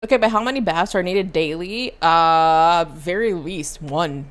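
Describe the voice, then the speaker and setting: A woman streamer chatting casually with her viewers during a game stream, slangy and quick to laugh, calling them "dude" and "brother.". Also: lowish voice.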